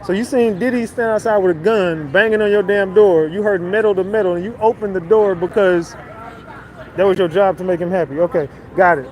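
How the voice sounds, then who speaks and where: A man outdoors on a city street, excitedly recapping courtroom testimony, swearing and repeating himself. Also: high voice, a little fast, a faint crowd, rough recording. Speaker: street reporter. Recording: faint street noise.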